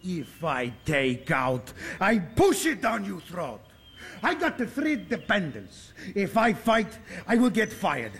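An actor playing a proud, hot-tempered immigrant banana truck driver, who shouts and later sobs. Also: male voice, high-pitched, very animated, takes it slowly, a little hiss or hum, full character voice. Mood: defiant. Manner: shouting, then sobbing. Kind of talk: film drama acting.

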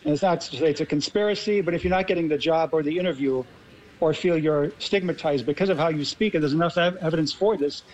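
A man's voice: a little high, quick pace, a little mellow, poor audio. A man with an American accent, a guest on a radio interview, explaining his points at length. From Los Angeles, USA. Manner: explanatory, builds arguments. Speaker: guest linguist.

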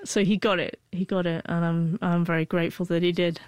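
A woman's voice: on the low side, little pitch movement, fairly quick, darkish tone, dry recording. A woman in her forties, an interview guest who stutters, with frequent broken-off sounds and restarts as she tells a personal story.

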